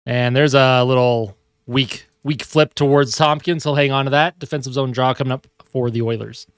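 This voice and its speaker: A young man giving casual live hockey play-by-play from his home, excitable and chatty. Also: mid-range voice, normal speed, smooth, no room sound, studio quality. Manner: excitable calls that break off to coo at his cat. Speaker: fan streamer doing live play-by-play. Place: home room at his monitor.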